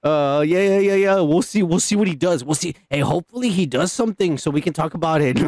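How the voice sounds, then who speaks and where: High-voiced gravelly man, crude podcast banter. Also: normal speed, dry recording, studio quality. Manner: profane, rambling, animated storytelling. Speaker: podcast co-host.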